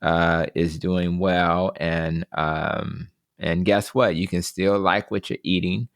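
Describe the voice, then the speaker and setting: Deep-voiced man hosting a podcast. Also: steady tone, takes it slowly, dry recording, clean studio sound. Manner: friendly, enthusiastic shout-outs. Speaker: podcast host, doctor. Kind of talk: casual interview talk.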